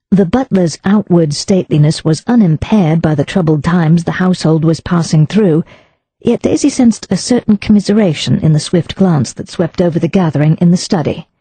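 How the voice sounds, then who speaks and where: Woman reading an audiobook, husky, mellow, dry close sound. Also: fairly low pitch, no room sound. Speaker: audiobook narrator. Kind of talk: scripted narration.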